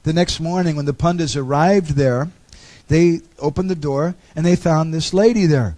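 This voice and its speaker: A man's voice: on the high side, normal speed, a little mellow. A man giving a storytelling lecture on a pilgrimage, with humorous asides.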